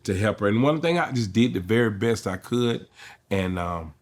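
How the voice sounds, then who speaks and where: A man's voice: lowish voice, moderate pace. A middle-aged man, a comedian telling stories in an interview and acting out the voices of people in them. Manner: animated storyteller, acts out quotes. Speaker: comedian guest. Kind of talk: storytelling interview.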